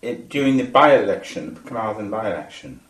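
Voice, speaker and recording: A man's voice: fairly low pitch, lively intonation, moderate pace. A man conducting an oral history interview, asking friendly questions and giving short acknowledgements. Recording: roomy sound.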